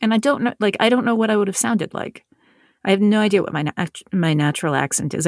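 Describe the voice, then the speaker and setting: A woman's voice: mid-range voice, fairly even intonation, fast, dry recording, studio quality. A woman from North Carolina, an author and narrator, talking in an interview in a thoughtful way, often restarting and repeating words. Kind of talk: conversational interview.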